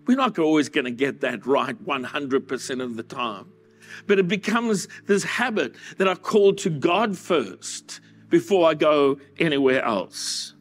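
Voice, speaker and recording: Earnest male pastor preaching, soft music behind. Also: fairly high pitch. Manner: earnest, conversational preaching with dramatized asides. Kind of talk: sermon.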